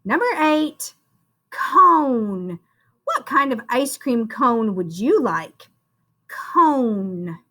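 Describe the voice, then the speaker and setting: A woman teacher talks young children through a phonics spelling lesson, calling each child "friend". Her voice is high and bright. She speaks slowly, with big rises and falls. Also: big pitch swings. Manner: slow, sing-song, encouraging, calls the listener "friend".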